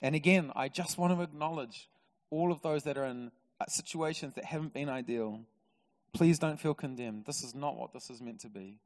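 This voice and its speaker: A man with a New Zealand accent preaching a sermon in a church, an animated storyteller who swings from loud excitement to quiet, intimate moments. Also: medium pitch, normal speed. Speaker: pastor. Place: large church hall. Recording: reverberant church hall.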